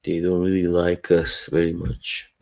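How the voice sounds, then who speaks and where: A man hosting a relaxed live stream, rambling in casual chat, chuckling often and trailing off. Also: low voice, a little slow, gravelly.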